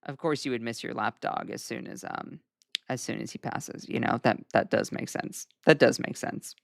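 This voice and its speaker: A man's voice: medium pitch, moderate pace, vocal fry, dry recording, clean studio sound. Chatty Southern man hosting news commentary. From Southern United States. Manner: casual, chatty, frequent "um" fillers, wry asides. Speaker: host.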